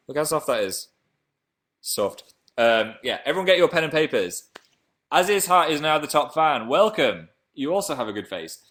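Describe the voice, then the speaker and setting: A man's voice: mid-range voice, fairly bright tone. A young man from England hosting a casual live stream, chatting playfully and reading out viewer comments.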